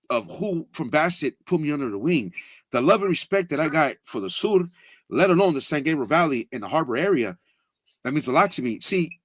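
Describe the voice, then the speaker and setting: A blunt, profane man trading stories on a casual podcast, his pitch swinging widely as he makes his points. His voice sits a little high for a man and sounds close and dry, with no room echo. He keeps tagging his lines with "bro" and "fool.". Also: fairly bright tone.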